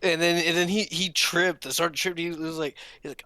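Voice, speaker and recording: A young man telling a long story casually, rambling with restarts and pitching up to mimic others. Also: fairly even intonation, fairly quick, sharp tone, no room sound. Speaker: podcast co-host. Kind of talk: casual storytelling among friends.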